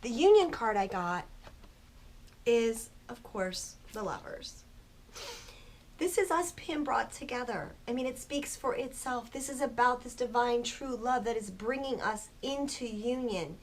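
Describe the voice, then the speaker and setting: A woman giving a casual tarot reading to her viewers, earnest and soft-spoken, with a spiritual tone and frequent filler words. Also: fairly high pitch, unhurried, slight background noise. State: just woken early in the morning. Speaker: tarot reader.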